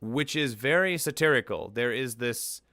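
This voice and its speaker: A man's voice: medium pitch, lively intonation, moderate pace, bright, forceful tone, no room sound, clean studio sound. A man hosting a music analysis stream, talking things through in a thoughtful, casual way and often repeating words as he thinks.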